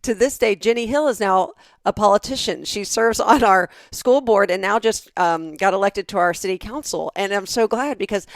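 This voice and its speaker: Middle-aged woman from the South, podcast co-host, lively storyteller, mid pitch, close dry mic. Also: normal speed, few pauses, dry recording. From southern United States. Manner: animated storyteller, acts out quoted voices. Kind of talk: casual chat.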